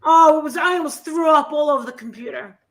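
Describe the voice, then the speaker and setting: A brash co-host with a New Jersey accent, her voice sitting high and ringing. She talks bluntly and loudly, cursing without a second thought. It is a loose, casual chat. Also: fast talker. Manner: loud, blunt, swears freely.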